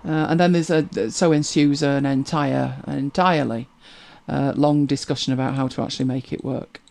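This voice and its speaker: A woman's voice: a bass voice, fairly even intonation, normal speed, vocal fry, darkish tone. A British woman co-hosting a casual live stream, rambling through forum posts and viewer comments, humming to herself and chuckling as she goes.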